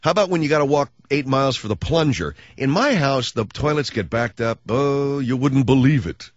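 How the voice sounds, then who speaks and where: A man's voice: medium pitch, expressive, moderate pace, dry recording, lo-fi sound. A man hosting a comedic talk radio show, rambling through a wry monologue.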